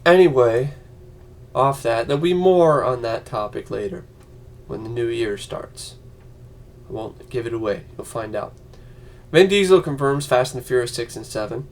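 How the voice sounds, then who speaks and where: A man vlogging an angry, profane movie rant, yelling and mocking other people's voices. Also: mid-range voice, lively intonation, moderate pace.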